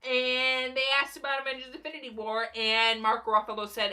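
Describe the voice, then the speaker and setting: A woman's voice: a little high, a little fast, hardly any pauses, bright, forceful tone. A young woman vlogging casual movie commentary, chatty and playfully sarcastic. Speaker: YouTube vlogger.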